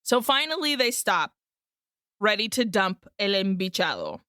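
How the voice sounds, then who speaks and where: A woman's voice: mid-range voice, sing-song, unhurried, sharp tone, dry recording, studio quality. A woman co-hosting a podcast, animatedly retelling a film plot in casual chat, laughing often and swearing freely, with Spanish words mixed into her English. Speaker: podcast co-host.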